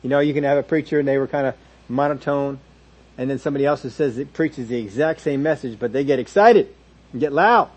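A man's voice: medium pitch, fast talker, slightly rough. A man preaching a sermon in a conversational teaching manner, now and then mimicking churchgoers in quoted asides.

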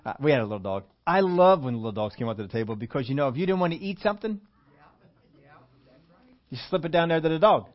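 A man's voice: fairly high pitch, expressive, fast talker, long pauses, dull audio. A male pastor giving a conversational sermon, reading scripture and asking the congregation rhetorical questions with humorous asides.

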